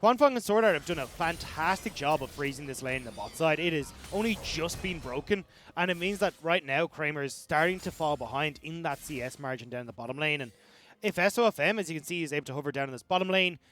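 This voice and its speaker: A man casting an esports match as the analyst, talking quickly in a fairly high voice. He breaks down lane states and team plans in long, explanatory runs. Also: fairly bright tone. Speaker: esports caster. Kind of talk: analytical esports color commentary.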